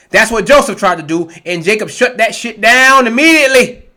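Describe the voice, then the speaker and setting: A man reads scripture aloud while delivering a street-style sermon that is blunt, profane, and confrontational. His voice sits high and sounds bright and forceful, and he talks fairly quickly.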